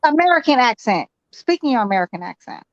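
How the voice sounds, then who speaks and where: A woman's voice: fairly high pitch, very animated, fast talker, muffled recording, slight background noise. A woman co-hosting a live boxing stream, blunt and slangy, swearing freely. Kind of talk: casual live commentary chat.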